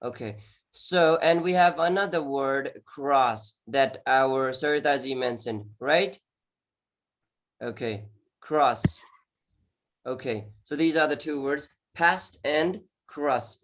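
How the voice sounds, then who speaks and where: A male teacher runs an online English exam lesson over a video call. He talks in an encouraging way, repeats words and fills gaps with "okay". His voice sits at an everyday middle pitch. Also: slow pace, fairly bright tone. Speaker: IELTS teacher.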